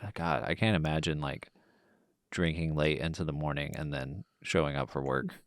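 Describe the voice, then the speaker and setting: A man co-hosting a podcast who talks about a film in a slow, measured way, with many pauses. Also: a bass voice, dry recording, clean studio sound. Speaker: podcast co-host. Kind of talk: casual film discussion.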